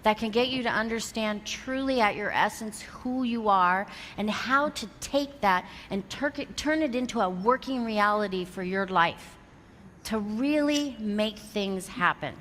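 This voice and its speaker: Bright-voiced woman in her fifties telling stories on stage. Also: mid-range voice, measured pace. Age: 50s. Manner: animated storyteller who acts out quoted dialogue. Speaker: motivational seminar speaker. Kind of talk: storytelling keynote talk to a live audience. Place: large hall with an audience. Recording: long hall reverb, faint background noise.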